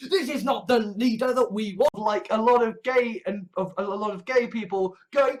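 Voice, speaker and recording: High-pitched sarcastic man ranting. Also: moderate pace, hardly any pauses. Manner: sarcastic, exasperated, swears a lot. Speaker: online commentator. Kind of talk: ranting monologue compilation.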